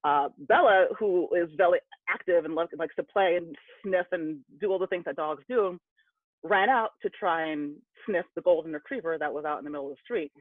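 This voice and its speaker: A man tells a candid personal story, his voice sitting a little high and heating up as he recalls his anger. The sound is dry and close, squeezed through a narrow, phone-like band. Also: a little fast, no echo. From California. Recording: tinny phone-like line.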